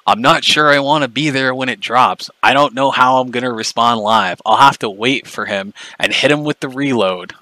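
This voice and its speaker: Medium-pitched and sharp-toned, this streamer talks at normal speed with few pauses in an angry livestream rant. He's profane, mocking, and confrontational, and the recording is poor quality with no room sound.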